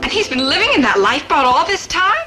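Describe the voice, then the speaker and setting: A woman's voice: high-pitched, big pitch swings, fast talker, pushed and bright, faint music behind, heavily acted, poor audio. An actress playing a blunt, practical young woman friend in a 1960s sitcom, dry and matter-of-fact.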